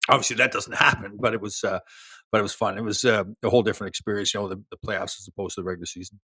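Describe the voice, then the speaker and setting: Fast-talking husky older man. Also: lowish voice, no room sound. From Canada. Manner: animated storyteller, laughs, many restarts. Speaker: guest, former pro hockey player. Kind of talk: casual storytelling interview.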